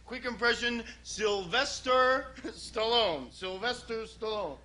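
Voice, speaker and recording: A man doing a stand-up comedy routine on a TV studio stage, talking in a rapid, goofy way and chatting with the crowd. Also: extremely high pitch. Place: TV studio stage with live audience.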